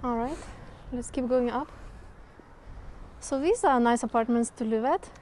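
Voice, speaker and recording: A woman narrates her hike up outdoor stairs in a casual, chatty way and laughs often. Her voice sits a little on the high side, and faint noise runs behind her. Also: unhurried, darkish tone. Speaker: vlog host. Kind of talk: casual chat while hiking.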